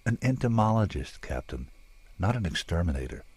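A man's voice: sits low, very animated, brisk, a little mellow, breathy edge, dry recording, heavily acted. A man voicing an anxious, wry entomologist who asks tense, incredulous questions. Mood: wary. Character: anxious, wry male entomologist, first-person hero.

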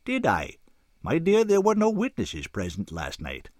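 Guy doing a smug rich villain, drawls slow and silky, sits a bit higher than his own voice. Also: huge pitch swings, darkish tone, dry recording, clean studio sound. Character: smug ruthless male tycoon, cold and mocking.

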